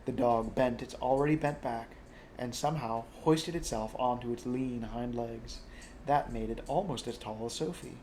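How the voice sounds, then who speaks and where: A man's voice: medium pitch, normal speed, a little mellow, slight background noise. A man reading a bedtime story aloud, now and then adding chatty asides to the listener.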